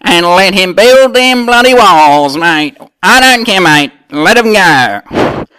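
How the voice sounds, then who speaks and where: Man hamming up a blunt Aussie bloke, broad Australian drawl, bright clear voice, mate every line. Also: high-pitched, lively intonation, slow, exaggerated voice. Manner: broad ocker drawl, says mate constantly.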